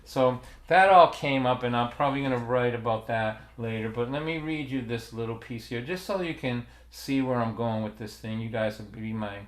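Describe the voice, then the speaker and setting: A man's voice: medium pitch, moderate pace, hardly any pauses. A man in his sixties with a strong Boston accent, chatting casually and telling stories to a livestream audience, rambling and laughing often at himself. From Massachusetts, USA. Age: 60s. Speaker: folk singer and storyteller hosting a livestream. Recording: roomy echoey sound.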